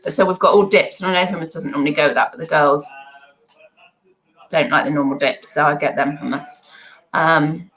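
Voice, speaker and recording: A woman's voice: low-pitched, fairly even intonation, brisk, long pauses, a bit bright, low-quality recording. A middle-aged woman chatting on a live stream as an online seller, rambling and self-deprecating. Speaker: eBay seller livestreaming.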